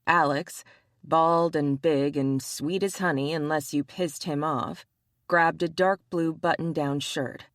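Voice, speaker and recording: A woman narrating an audiobook romance in a measured, even reading style. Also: sits low, dry recording, clean studio sound. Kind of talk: scripted narration.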